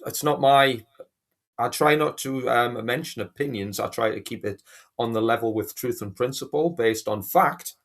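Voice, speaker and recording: A man's voice: medium pitch, normal speed. A man speaking as a guest in a casual chat, earnest and rambling with restarts.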